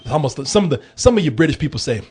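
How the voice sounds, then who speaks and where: A man hosting a movie review podcast, talking in an animated, joking, profane casual chat. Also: fairly high pitch, rapid-fire, breathy edge.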